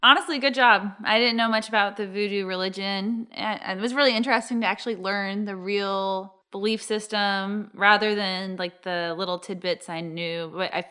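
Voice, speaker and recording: Podcast co-host lady, dry teasing humor, smooth clear voice. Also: mid-range voice, fairly even intonation, normal speed, few pauses, sharp tone. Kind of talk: casual chat.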